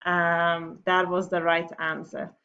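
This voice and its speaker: A female teacher giving a gentle, unhurried recorded morning message to her pupils and then reading a storybook aloud, with frequent ums. The recording is dull and lo-fi. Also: on the low side, completely flat delivery.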